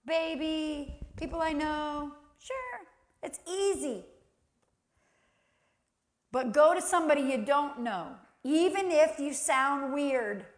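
A woman preaching a sermon who acts out little quoted voices and laughs easily. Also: high-pitched.

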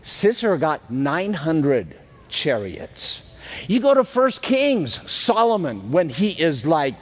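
Male pastor, high voice, lively casual storyteller preaching; long hall reverb. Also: takes it slowly, husky. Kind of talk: sermon.

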